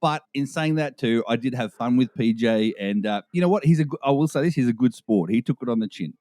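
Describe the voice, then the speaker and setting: A man's voice: medium pitch, expressive, fairly quick, mellow, no echo, clean studio sound. A man with an Australian accent co-hosting a podcast, chatting casually and joking around with his co-host. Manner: jokey, chatty, says mate often.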